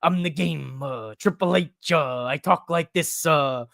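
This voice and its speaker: A man putting on a mocking impression of a middle-aged male wrestling executive who talks slowly and deeply, halting with many "uh"s. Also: gravelly, fairly bright tone, dry recording, studio quality. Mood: pompous. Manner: slow, deep, halting with many "uh"s.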